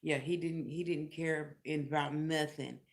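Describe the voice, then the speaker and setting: A woman with a fairly low-pitched voice chats straight to her audience, telling a rambling personal story. She keeps it loose and conversational, with frequent asides and quick retellings of what people said. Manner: chatty, animated, acts out others' lines in a high squeal. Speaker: vlogger. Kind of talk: casual storytelling vlog.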